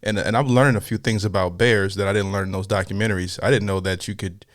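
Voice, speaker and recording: A man's voice: on the low side, steady tone, fast, no echo, clean studio sound. A man hosting a reaction video, chatting casually and thinking aloud, amused by what he watches. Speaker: reaction channel host.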